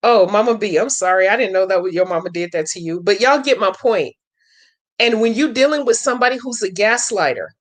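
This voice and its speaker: A blunt woman hosts a casual vlog, swearing freely and riffing through long example stories. Her voice sits a little high, and her delivery is chatty and unfiltered. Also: fairly bright tone. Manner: blunt, profane, chatty storytelling. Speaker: channel host answering viewer questions.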